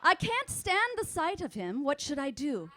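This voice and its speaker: A woman's voice: high-pitched, sing-song, unhurried, pushed and bright, full character voice. A woman playing a prim Spanish advice columnist. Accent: put-on Spanish accent. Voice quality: prim, sing-song, mock-pious. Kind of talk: character stand-up.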